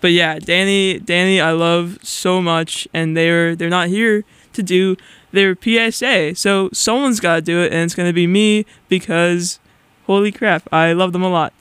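Rambling young college radio DJ. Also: male voice, high voice, steady tone, unhurried, a bit bright, smooth, no room sound. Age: young adult. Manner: rambling, many filler words. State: nervous. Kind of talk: casual on-air chat.

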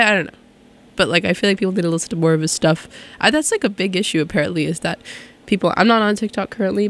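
A young woman hosting a casual college-style radio music show, chatting between songs in a rambling, giggly way. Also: fairly low pitch.

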